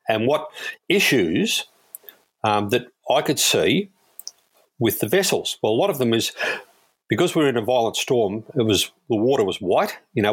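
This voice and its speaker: A man's voice: lowish voice, breathy edge, dry recording. An Australian man, a police air rescue crewman, telling stories in a laid-back, chuckling way as an interview guest. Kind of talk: casual storytelling interview.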